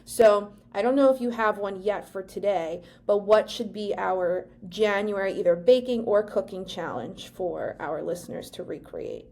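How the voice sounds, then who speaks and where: A woman co-hosting a podcast in casual chat, speaking in a measured, thoughtful way. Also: medium pitch, gravelly, a little mellow. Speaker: podcast co-host.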